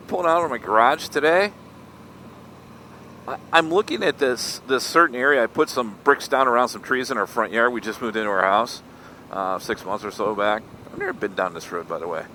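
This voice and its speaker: A man's voice: mid-range voice, pushed and bright, rough recording. Chatty middle-aged man riding a motorcycle. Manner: chatty, self-mocking, wanders off topic. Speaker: motorcycle vlogger. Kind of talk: casual rambling monologue while riding. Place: outdoors on a motorcycle in traffic. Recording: faint road and traffic noise.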